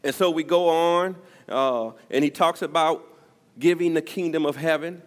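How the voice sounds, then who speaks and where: A male pastor preaching a sermon, his delivery swinging from loud emphasis to near-whispers. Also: fairly high pitch, normal speed. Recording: long reverb of a church hall.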